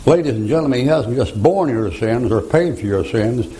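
A man's voice: medium pitch, lively intonation, normal speed, rough recording. An older man preaching a folksy sermon full of stories, chuckling as he talks. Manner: folksy storytelling, chuckling, rising to shouted rhymes.

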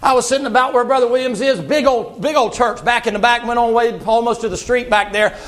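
High-voiced preacher shouting. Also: male voice, fairly even intonation, fast talker. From Southern United States. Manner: folksy, breaks into shouts and acted voices. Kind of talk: sermon.

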